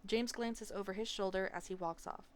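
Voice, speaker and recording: Woman streamer, audiobook-style narration, expressive, mid-range voice. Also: medium pitch, moderate pace. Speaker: streamer reading a novel aloud. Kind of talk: live audiobook reading. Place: home streaming setup.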